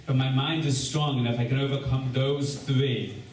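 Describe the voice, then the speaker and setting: A man, a rabbi leading a seder, teaching a live gathering in a joking, energetic way and addressing the crowd directly. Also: mid-range voice, moderate pace. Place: large echoey room with a gathering. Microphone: distant room recording. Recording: echoey room recording from far off with background noise.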